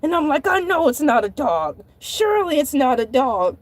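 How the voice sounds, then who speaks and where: A very high, squealing voice belongs to an excitable cartoon shark played by a woman. He tells his misadventures as a comic monologue, huffing with exasperation and breaking into shouting fits. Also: moderate pace, no room sound. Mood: annoyed. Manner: dramatic, exasperated, bursts into shouting. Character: excitable male cartoon shark who walks on land. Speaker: show host.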